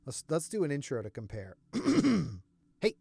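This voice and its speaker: A man with a hoarse, strained voice giving a casual, joking toy review to his viewers. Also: on the high side, huge pitch swings, measured pace, darkish tone. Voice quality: enthusiastic, jokey, talks to the viewer. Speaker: toy collector vlogger.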